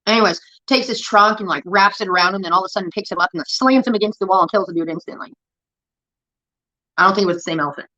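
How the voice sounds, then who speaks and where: A woman's voice: medium pitch, fast, bright, forceful tone, lo-fi sound. A woman livestreaming, telling a rambling, profane story in a casual chat that keeps getting sidetracked.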